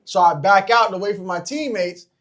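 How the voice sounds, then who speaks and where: A man's voice: high-pitched, a little fast, a bit bright. A young man, a podcast guest, telling a basketball story in casual chat.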